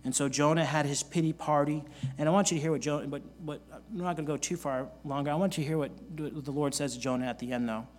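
A man's voice: a little high, fairly even intonation, fast, a little mellow. A male pastor preaching a sermon in an earnest manner, reading scripture aloud and repeating key phrases for emphasis.

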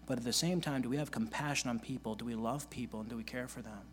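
A man's voice: medium pitch, quick pace, slight background noise. A male pastor preaching a sermon in an earnest manner, reading scripture aloud and repeating key phrases for emphasis.

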